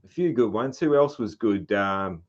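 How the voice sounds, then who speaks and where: A man with an Australian accent hosting a podcast, chatting casually and filling pauses with "uh" and "man". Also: fairly low pitch, animated, darkish tone, lo-fi sound. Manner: laid-back, lots of "uh" and "man". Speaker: podcast host. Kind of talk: casual interview chat.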